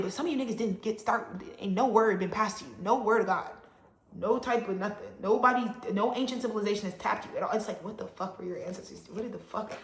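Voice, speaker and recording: A woman vlogger talking straight to camera in a blunt, profane and animated rant, hitting words hard for emphasis. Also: mid-range voice, fast, roomy sound. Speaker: astrology vlogger. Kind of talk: casual ranting monologue.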